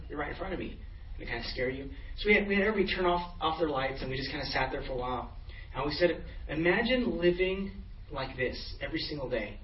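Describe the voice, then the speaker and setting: A man's voice: a little high, reverberant. Male pastor, casual sermon, restarts often, dull distant sound, faint room hum. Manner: casual, storytelling, with frequent restarts.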